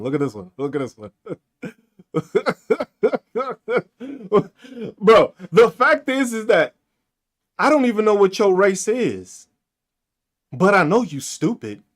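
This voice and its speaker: A man's voice: sits high, very animated, takes it slowly, pauses often. A man hosting a podcast, ranting and mocking with heavy profanity and frequent laughter, speaking with features. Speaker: podcast host. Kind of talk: ranting commentary on comments.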